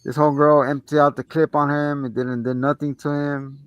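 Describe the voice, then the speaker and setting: A man hosting a casual movie review chat, retelling the plot in an animated, slangy way. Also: fairly high pitch, brisk, clean tone, dry recording, highs cut off. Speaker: podcast host.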